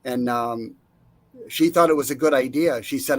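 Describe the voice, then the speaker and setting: A man's voice: medium pitch, moderate pace. Man telling a story, voices quoted people. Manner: storytelling, acts out quoted voices, frequent fillers and restarts. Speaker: interview guest, Navy veteran. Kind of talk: casual storytelling.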